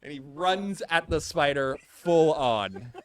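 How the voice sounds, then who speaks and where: Young male dungeon master, lively and bright-toned; animated live game narration. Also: on the high side, slow pace. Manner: animated storytelling with sudden loud character outbursts.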